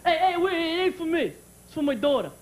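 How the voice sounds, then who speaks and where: A woman voicing a pushy adult male fan who talks in a loud, insistent way, recorded live in a noisy club. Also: very high-pitched, sing-song, fairly quick. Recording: live club with crowd noise.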